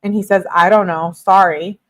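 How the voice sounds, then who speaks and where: A woman's voice: on the low side, steady tone, moderate pace. A woman hosting a true-crime commentary, casually reading text messages aloud and adding her own chatty reactions.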